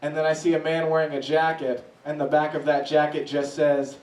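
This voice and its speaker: Man comic, higher voice, storytelling bits, heard from a distance in a roomy venue. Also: fairly quick. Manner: animated, voices swing high when acting out reactions. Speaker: stand-up comedian. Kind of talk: stand-up storytelling. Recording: echoey room from a distance.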